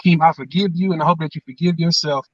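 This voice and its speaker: A man's voice: fairly high pitch, steady tone, fast, no echo, distant mic, muffled recording. A man, co-hosting and talking in an emphatic, repetitive, preacher-like way. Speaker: podcast co-host. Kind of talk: motivational casual chat.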